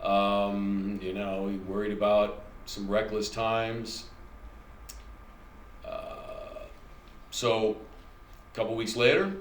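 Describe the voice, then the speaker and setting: A man's voice: lowish voice, a little hiss or hum. A middle-aged man hosting his channel, telling a personal story in a rambling, conversational way and correcting himself as he goes. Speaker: channel host. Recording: echoey room recording with faint ambience.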